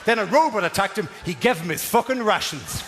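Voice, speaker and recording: Animated Irish male stand-up comedian. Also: sits high, a little hiss or hum. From Ireland. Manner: rapid, animated, breathless rants. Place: large theatre. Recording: live theatre with audience laughter.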